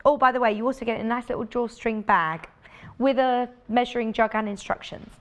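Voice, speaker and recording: A woman's voice: a little high, fairly quick, fairly bright tone. Chatty woman selling on air. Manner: chatty and enthusiastic, asides to off-camera crew. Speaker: shopping channel presenter. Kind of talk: live home shopping sales talk. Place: TV studio.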